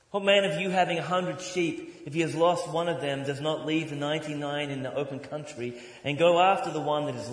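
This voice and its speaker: A middle-aged American man preaching a sermon as pastor, joking and rising to loud mock outrage. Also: on the high side. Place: church sanctuary. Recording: echoey hall, long reverb.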